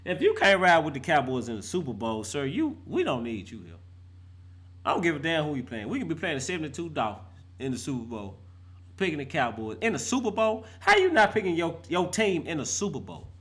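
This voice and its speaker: A man's voice: on the high side, big pitch swings, a little fast, a bit bright. A middle-aged man ranting as a fan vlogger, fired up and laughing, heavy on slang and repeating himself for emphasis. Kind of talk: animated fan rant.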